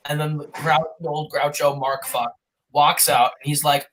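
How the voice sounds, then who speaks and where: Bright, excitable rambling podcast host. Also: mid-range voice. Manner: rambling, profane and excitable, with quick mock voices. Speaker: podcast co-host recapping a film. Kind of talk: casual comedic chat.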